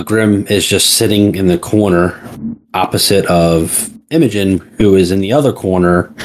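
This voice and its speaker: Slow-talking male game master. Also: low voice. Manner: slow, halting narration with many fillers. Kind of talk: narrating a tabletop game. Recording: background music.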